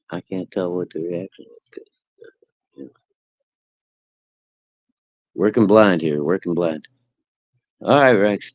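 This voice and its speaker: A man's voice: low voice, gravelly, a little mellow, no room sound, highs cut off. A man co-hosting a casual livestream chat, joking and teasing. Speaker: co-host.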